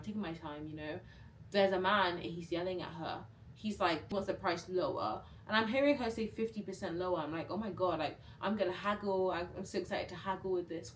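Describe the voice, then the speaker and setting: A young woman vlogging a casual storytime, chatty and animated, full of fillers. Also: on the low side, a little hiss or hum.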